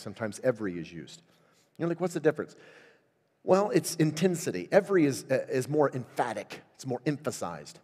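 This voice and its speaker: Man, revival preacher, conversational sermon, loud peaks and hushed asides, long church reverb. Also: medium pitch. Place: church sanctuary.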